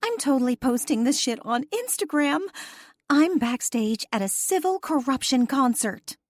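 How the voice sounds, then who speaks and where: A woman voicing an excited young female fan who calls out over loud music. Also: sits high, normal speed, no echo, studio quality, pitched above the performer's own voice. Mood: thrilled. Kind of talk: audiobook character voice.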